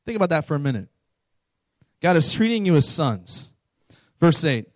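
A man's voice: fairly high pitch, sing-song, normal speed, darkish tone, no echo. Casual, chatty male preacher with a dry sound. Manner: conversational, informal, asks the audience questions. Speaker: preacher speaking to a youth camp audience. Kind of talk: sermon.

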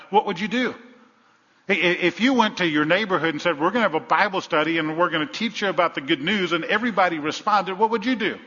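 A male pastor delivering a sermon, firing rhetorical questions at the congregation and swinging between loud emphasis and hushed asides. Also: on the high side. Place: church sanctuary. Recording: dull lo-fi sound with long hall reverb.

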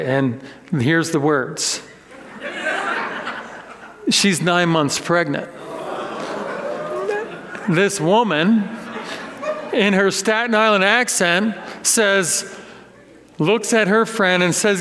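A man preaching a sermon as pastor, telling a personal story in an animated, self-deprecating way. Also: high voice, measured pace. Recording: long echoey reverb of a hall.

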